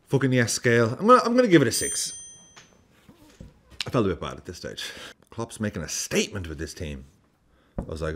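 Male football vlogger, low and expressive, casual and sweary. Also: fast talker, long pauses. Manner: animated, swears freely, acts out reactions. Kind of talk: casual match commentary.

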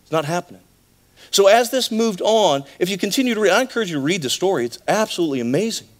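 A man preaching a sermon in a church, telling a Bible story in an animated way with acted voices. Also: high voice, fast talker. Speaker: pastor.

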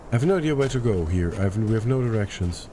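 Brief: male gamer, chatty casual commentary, lowish mellow voice. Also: animated, slight background noise. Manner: chatty, muttering to himself, quick asides. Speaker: let's play gamer.

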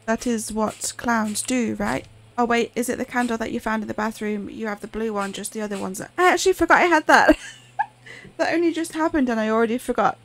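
A woman talks casually through a horror game, reacting aloud as she plays. Her voice is fairly high with a gravelly fry running through it. She keeps up a chatty stream of remarks. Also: fairly quick. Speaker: gaming channel host. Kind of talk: casual let's-play commentary.

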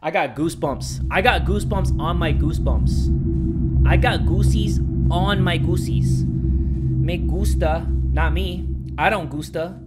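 A young adult man doing jokey commentary while playing a horror game, yelping and shouting at the scares. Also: on the high side, takes it slowly. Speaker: gaming YouTuber. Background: loud game music.

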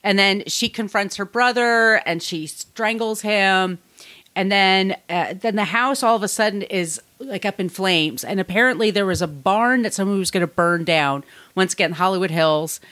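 A woman co-hosting a podcast, retelling a film in a lively, playful way. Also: mid-range voice, moderate pace, no room sound. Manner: lively, laughs often, playful quoted voices. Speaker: podcast co-host. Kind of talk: casual chat.

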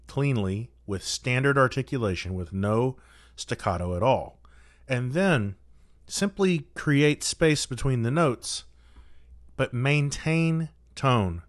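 A man's voice: medium pitch, dry recording, clean studio sound. A man teaching trombone in a practice guide, giving methodical, direct advice to his students.

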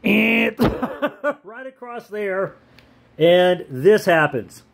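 Older male veteran, casual map commentary, slightly high pitch, chuckles and asks questions. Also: animated, slow. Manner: chatty, rhetorical questions, chuckling asides.

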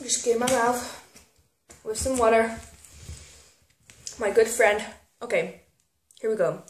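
A teenage girl, filming a casual vlog and getting excitable, squealing when something pleases her. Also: fairly high pitch, takes it slowly. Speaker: vlogger. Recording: echoey room.

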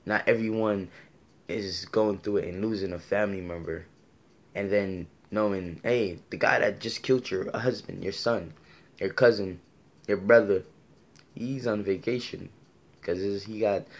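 Low, gravelly man ranting with passion. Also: measured pace. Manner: passionate, argumentative, keeps asking rhetorical questions. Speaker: commentator giving his opinion. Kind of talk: impassioned opinion monologue.

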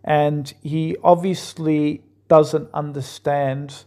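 A man commentating on a clip, pausing it to argue his points earnestly and repeating himself for emphasis. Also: a little high, level tone, mellow. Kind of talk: reaction commentary.

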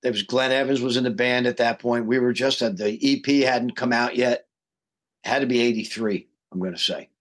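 Husky-voiced man telling a story. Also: mid-range voice, fairly quick. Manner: animated, acts out quoted dialogue. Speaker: guest singer. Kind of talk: casual storytelling on a podcast.

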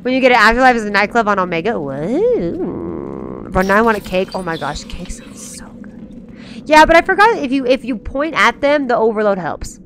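A woman's voice: a little high, lively intonation, fast, few pauses, fairly bright tone, a little hiss or hum. A young woman streaming a video game, bubbly and playful, gasping and chattering with her viewers as she plays. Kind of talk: live game streaming chat. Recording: faint game music under voice.

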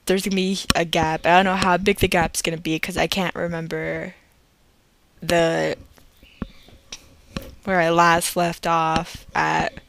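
A woman's voice: fairly low pitch, fairly bright tone, slight background noise. A young woman in a casual vlog, rambling and correcting herself as she explains her long absence, recorded on a laptop microphone. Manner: rambling and self-correcting, with many fillers. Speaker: let's play creator.

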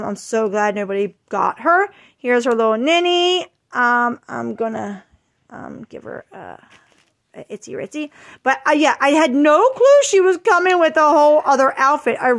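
Chatty high-voiced woman gushing on phone. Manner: chatty and gushing, frequent fillers and apologies. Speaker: vlogger. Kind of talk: casual unboxing vlog.

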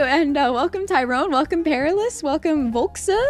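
A woman streamer chatting casually with her viewers live, excitable, swearing freely and laughing often, rambling and repeating herself. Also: sits high, normal speed, hardly any pauses, faint music behind.

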